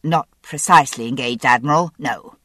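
Woman reading a cool ironic gentleman. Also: a bass voice, moderate pace, dry recording, clean studio sound, full character voice. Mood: composed. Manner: self-possessed, ironic. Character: composed, ironic male governor, dry wit. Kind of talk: audiobook character voice.

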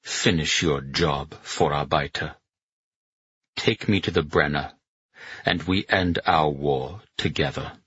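A man's voice: mid-range voice, sing-song, measured pace, fairly bright tone, breathy edge, dry recording, muffled recording, voice pushed up, heavily acted. A man voicing a proud German general who shifts from pleading to icy and curt.

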